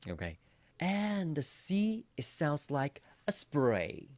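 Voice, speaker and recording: A teacher running an online beginner Mandarin lesson at a very unhurried pace. The delivery is playful, with sounds acted out and learners asked to repeat. The recording is close and dry, with a mid-range voice. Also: mid-range voice, very animated, darkish tone, no room sound.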